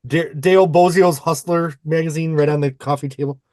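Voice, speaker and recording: Male podcast host, slightly high voice, playful, rambles into tangents, dry close sound. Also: fairly even intonation, fairly quick, darkish tone, no echo. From United States. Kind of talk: casual chat about music.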